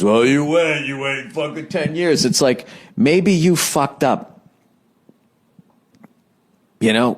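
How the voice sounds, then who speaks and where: A man in his thirties talks through a comic monologue in a somewhat low voice. He swears constantly, restarts his sentences, and pokes fun at himself as he retells the story. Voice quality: heavy profanity, rambling storytelling with restarts. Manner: self-deprecating, animated retelling. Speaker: comedian. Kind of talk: casual comedic monologue.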